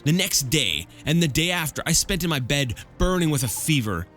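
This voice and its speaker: Lively man reading a book aloud. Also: a little high, normal speed, faint music behind. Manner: stumbles over words, animated asides. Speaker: let's play host reading an in-game book. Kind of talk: casual read-aloud with commentary.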